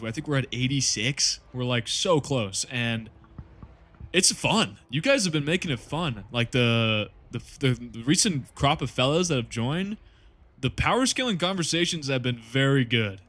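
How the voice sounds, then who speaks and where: A man's voice: mid-range voice, expressive, moderate pace, a bit bright. A man chatting casually to his viewers on a live stream while playing a game, rambling, laughing and swearing freely.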